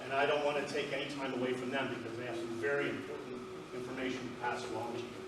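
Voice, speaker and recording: A man's voice: mid-range voice, fairly even intonation, fast. Echoey talkative man at a community event. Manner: talkative, emphatic explainer. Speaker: county emergency services director. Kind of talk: public presentation to an audience. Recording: echoey hall from far off, noisy.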